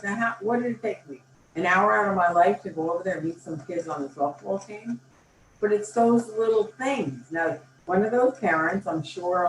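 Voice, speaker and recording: An older woman who founded a company chats enthusiastically as an interview guest, acting out quotes as she tells lively little anecdotes. Her voice is lowish, and the roomy, distant-mic recording carries faint ambience and slight background noise.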